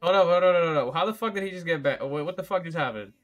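A man's voice: a little high, racing, faint music behind. A young man live-streaming a game, chatting casually with viewers, swearing often, rambling and laughing.

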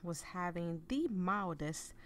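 A hoarse woman giving casual, self-deprecating commentary while reading a visual novel game aloud. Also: on the low side, lively intonation, slow, fairly bright tone. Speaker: gaming video creator.

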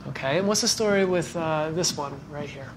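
A man asking brisk, upbeat quick-fire interview questions, laughing easily. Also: a little high, background noise.

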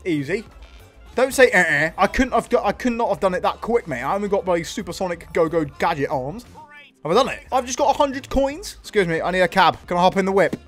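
A young man doing loud, jokey let's-play commentary, excitable and full of swearing and banter. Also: high-pitched, quick pace, faint music behind. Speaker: gaming YouTuber.

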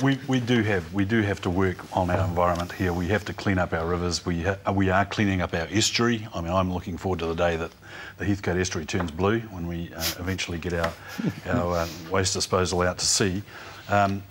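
A man's voice: sits low, a bit bright, slight background noise. A man with a New Zealand accent speaking on a TV panel, earnest and full of small restarts. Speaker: panelist, church dean. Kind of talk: TV panel discussion. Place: TV studio.

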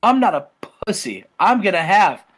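A man's voice: high-pitched, normal speed, husky. A young man co-hosting a video game show, hyped and jokey. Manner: excitable, hyped. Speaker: game co-host. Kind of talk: let's-play commentary.

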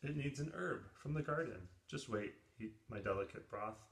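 A man's voice: medium pitch, animated, normal speed, creaky, a little hiss or hum. Guy doing a fussy duck chef voice, kinda fancy and dramatic, echoey room. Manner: theatrical, mock-fancy. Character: fussy male duck chef, proud of his cooking. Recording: roomy echo.

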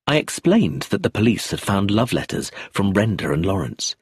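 A man's voice: lowish voice, sing-song, normal speed, few pauses, husky, no echo, studio quality. A man narrating an audiobook in the first person, telling the story expressively.

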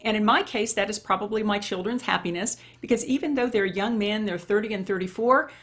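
This woman, a beauty vlogger past fifty, keeps up casual chatter during a makeup tutorial aimed directly at women watching. Her medium-pitched voice is brisk and fairly bright.

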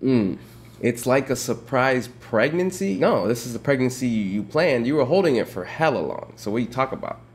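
A young man hosting a reaction commentary, mocking and deadpan in his sarcasm. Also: mid-range voice, normal speed. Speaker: commentary host.

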